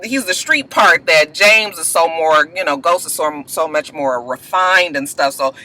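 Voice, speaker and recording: Guy casually recapping a tv episode, high pitched, cussing a lot. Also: a little slow. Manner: casual, profane, animated. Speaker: host.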